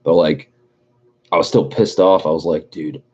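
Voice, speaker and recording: A very deep-voiced young man with a husky, dark tone, cursing and laughing his way through a casual story. The stream mic sounds a bit muffled. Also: normal speed. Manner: profane, animated, laughing.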